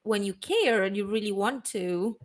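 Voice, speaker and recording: A woman in her twenties co-hosting a casual chat, relaxed and agreeable with lots of fillers. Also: mid-range voice, normal speed. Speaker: co-host.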